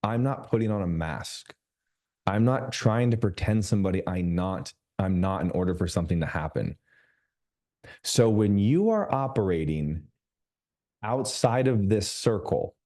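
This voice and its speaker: A man coaching a group over a video call, emphatic and slowing down to stress his points. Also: fairly low pitch, lively intonation, warm tone. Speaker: business coach.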